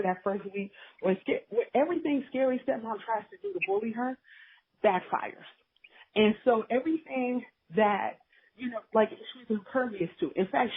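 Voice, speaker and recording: A podcast co-host with a slightly high, breathy voice recaps a drama in a casual, gossipy way, acting out the characters' lines. She comes through a tinny phone line.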